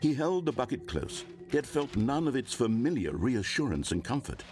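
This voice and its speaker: A man voicing a wry, lively game narrator. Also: medium pitch, normal speed, close to an everyday voice. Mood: dry storytelling. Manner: dry, mock-grave storytelling with sudden pleading asides. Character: wry, meddling male narrator of a video game. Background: game music.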